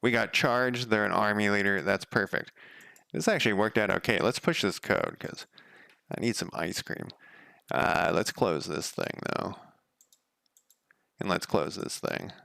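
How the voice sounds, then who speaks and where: A man's voice: on the low side, a little slow, creaky, pauses often, pushed and bright, smooth, no echo. A man developing a game on a live stream, chatting casually and rambling off on tangents as he thinks aloud. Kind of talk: casual live coding chat.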